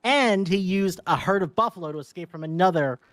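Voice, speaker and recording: Rambling man candidate, slightly higher voice. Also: fairly quick. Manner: rambling and playful. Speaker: mayoral candidate. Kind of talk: closing statement.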